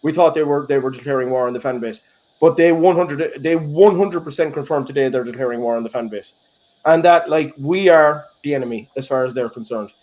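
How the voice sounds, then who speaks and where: A man's voice: a little high, brisk, darkish tone. A man with a Kerry Irish accent giving heated, emphatic podcast commentary, tagging his points with "okay?" and "right?". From Ireland, County Kerry. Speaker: podcast co-host, blogger. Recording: muffled lo-fi online call audio.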